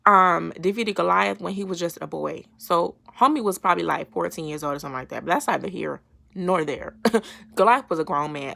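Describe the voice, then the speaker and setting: Woman, faith vlog host, casual devotional talk, playful and slangy, bright voice, gravelly. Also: mid-range voice. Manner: lively, playful and slangy, often laughing. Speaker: faith vlogger.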